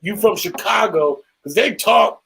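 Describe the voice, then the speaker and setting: A man's voice: sits high, expressive, unhurried, vocal fry, a bit bright. A man hosting a casual interview, mostly chiming in with short agreements and banter. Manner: chimes in with short agreements, laughs along. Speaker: podcast host.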